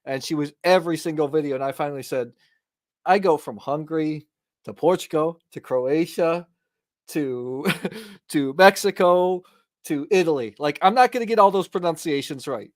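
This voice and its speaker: Male podcast guest, a touch high in pitch, eager conversational delivery, dry close sound. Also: no room sound. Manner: enthusiastic, asks questions. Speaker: guest wine creator.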